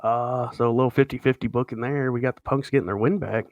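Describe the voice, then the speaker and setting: A man's voice: mid-range voice, steady tone, fast talker, dry recording, highs cut off. Guy reading off wrestling match results like a ring announcer, chill, dry close mic. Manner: play-by-play announcer delivery, easygoing. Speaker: podcast co-host running a wrestling promotion. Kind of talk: casual chat, recapping wrestling show results.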